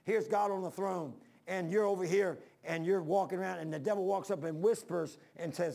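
Male preacher, folksy and rambling, gravelly voice pitched a little high. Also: a little fast, hardly any pauses, mellow. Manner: folksy, rambling, talks straight to the congregation. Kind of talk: sermon.

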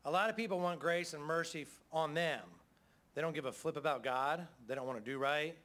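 A man's voice: a little high, a little fast, a bit bright. A middle-aged man preaching a sermon as pastor, in a folksy, conversational way with frequent calls of amen.

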